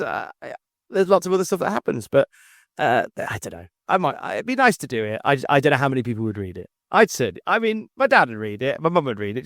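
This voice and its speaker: Chatty animated man. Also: no echo, clean studio sound. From England. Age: 40s. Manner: animated storyteller, jumps up in pitch for quoted voices; rambling with many restarts. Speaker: podcast guest. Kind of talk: casual chat.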